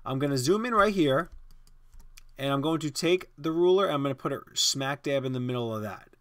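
A man guides viewers through a design program, talking casually and in plain steps. His voice sits in an ordinary middle pitch. The sound is close and dry, with almost no room echo. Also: lively intonation, fairly quick, smooth. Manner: casual, step-by-step instruction with fillers. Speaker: design tutorial host. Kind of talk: screen-recorded software tutorial.

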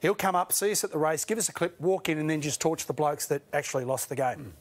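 A middle-aged Australian man, a studio guest on a chat show, talking earnestly with halting restarts and laughing through his stories. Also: on the high side. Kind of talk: casual panel chat, storytelling.

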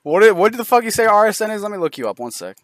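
A man's voice: high voice, very animated, rapid-fire, fairly bright tone, no room sound. A man hosting a heated voice chat, aggressive and mocking, cutting in constantly and berating the people he talks to. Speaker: Discord server host. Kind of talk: heated voice-chat trash talk.

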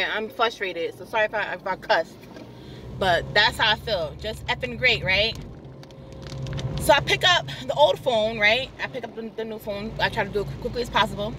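A woman's voice: mid-range voice, normal speed, pushed and bright. Young woman vlogger, casual and emotional, phone mic somewhat distant, noisy rainy street. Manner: frustrated, venting and encouraging viewers directly. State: unwell, emotional. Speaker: vlogger, single mom. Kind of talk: casual vlog monologue. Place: outdoors by a car in the rain. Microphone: phone held while recording.

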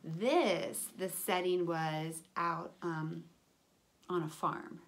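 A woman teacher reading a picture book aloud to children, animated, with character voices and sound effects. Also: on the low side, very slow.

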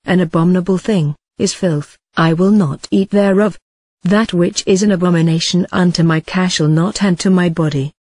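Breathy computer voice doing an audiobook, reads the punctuation out, dead dry sound. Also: mid-range voice, moderate pace, no echo. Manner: reads punctuation aloud, even recited cadence. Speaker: audiobook reader. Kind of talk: scripted narration of an ancient text.

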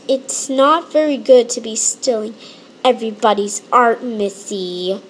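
A young woman in a casual vlog, playfully scolding someone, repeating herself and swinging between loud and quiet. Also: a little high, a little slow, slight background noise. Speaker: animation creator.

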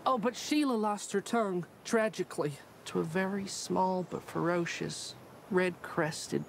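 A woman's voice: medium pitch, a little hiss or hum. An actress playing a bubbly woman tour guide who leads a group of guests with showy patter. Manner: chirpy, showy and quick.

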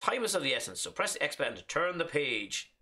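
A man's voice: fairly high pitch, sing-song, quick pace, pushed and bright, heavily acted. A man putting on a hammy French resistance woman. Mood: mock-serious. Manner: reading game text aloud in exaggerated fake French accent. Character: female French resistance liaison in mock accent.

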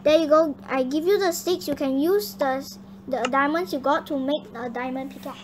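A young girl hosting her gaming channel, chatting excitably and bossing her teammate around. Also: sits high, moderate pace. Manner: excitable, chatty, bossy toward her partner. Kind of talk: casual gameplay chat. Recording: noisy home recording.

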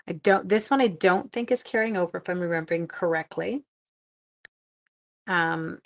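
A woman's voice: on the low side, gravelly. Chatty woman demonstrating crafts. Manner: chatty, talks straight to viewers, silly sound effects. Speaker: card-making demonstrator. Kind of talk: casual live-stream craft demo.

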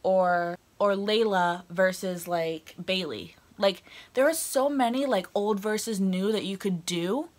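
A woman's voice: mid-range voice, a little slow, few pauses. A woman fan ranting casually on her vlog, blunt and heated, swearing freely. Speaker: wrestling fan vlogger.

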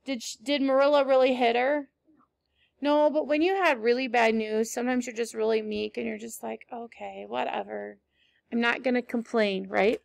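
A woman's voice: fairly high pitch, fairly even intonation, normal speed, vocal fry, dry recording. A woman teacher reading a story aloud to children, stopping to ask questions and praise answers in an encouraging, emphatic way.

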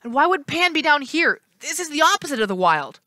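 A woman voicing a nervous young male satyr who whimpers and frets in a high voice. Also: big pitch swings, fairly quick, bright, forceful tone, no echo, studio quality, exaggerated voice. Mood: anxious whimper.

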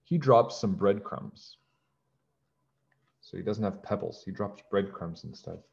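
A man, a teacher, reading a children's storybook aloud to his class in a slow, clear and expressive way, in a lo-fi recording. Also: low-pitched. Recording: dull lo-fi recording.

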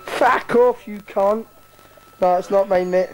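A man's voice: high voice, fairly even intonation, slow, a little hiss or hum, poor audio. A young man filming his barrack mates on a handheld camcorder, narrating in a crude, teasing, sweary way. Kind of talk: casual home-video banter. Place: army barracks block, indoors. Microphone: handheld camcorder mic.

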